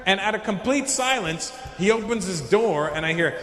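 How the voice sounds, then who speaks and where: Man, stand-up comedian, animated storyteller, acts out characters, slightly high voice, echoey live venue. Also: normal speed, background noise. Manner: animated storytelling, acting out voices of people he meets.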